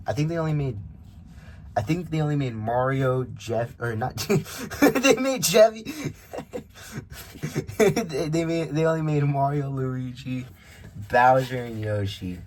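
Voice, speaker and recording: A man's voice: mid-range voice, animated, unhurried, darkish tone. A man reviewing a toy figure in a casual vlog, rambling and interrupting himself with frequent asides. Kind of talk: casual unboxing vlog chat. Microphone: camera microphone.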